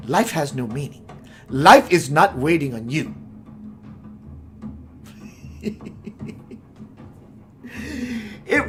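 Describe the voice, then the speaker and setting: A man giving a meandering spiritual talk, musing aloud and searching for words as he goes. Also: sits high. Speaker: spiritual teacher.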